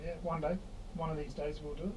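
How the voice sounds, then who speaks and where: Older Australian man, slightly high voice. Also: little pitch movement, fast. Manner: easygoing, agreeable, often trails off quietly. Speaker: podcast co-host. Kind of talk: casual chat. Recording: distant mic with faint hiss.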